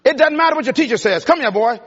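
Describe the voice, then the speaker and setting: Firm loving mother, as a man voices her, short commanding words, high voice, dull sound, long hall echo. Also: lively intonation, quick pace, breathy edge, exaggerated voice.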